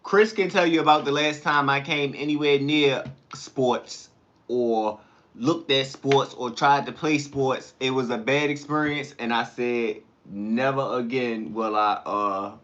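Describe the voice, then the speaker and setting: A man hosting a casual livestream, chatting with viewers and telling stories in a slangy, animated way. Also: mid-range voice, unhurried, highs cut off. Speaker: livestream host. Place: home kitchen.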